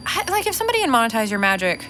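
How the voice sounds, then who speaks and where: A woman in her thirties hosts her own podcast from home, rambling in a loose, chatty way full of fillers and swearing. Her voice is bright and sits a little high for a woman. A faint hum sits underneath the recording. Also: big pitch swings, very fast, rough recording. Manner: chatty, profane, filler-heavy. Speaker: podcast host. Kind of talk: casual monologue.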